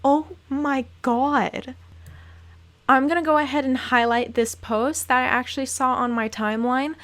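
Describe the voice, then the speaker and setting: A woman's voice: high-pitched, fairly even intonation, a little fast, a bit bright. A young woman in a casual vlog, speaking with indignant passion and repeating phrases for emphasis. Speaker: vlogger, former cruise ship worker. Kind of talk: casual to-camera talk.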